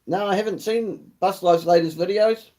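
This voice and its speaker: A man's voice: high voice, moderate pace, warm tone. A young man with a New Zealand accent hosting a casual live chat, slangy and swearing freely, calling viewers mate and bro. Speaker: livestream host.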